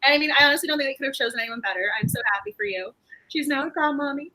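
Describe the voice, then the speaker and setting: A woman's voice: high voice, very fast, bright, forceful tone, low-quality recording. A woman co-hosting a book club live stream, chatting casually and laughing often.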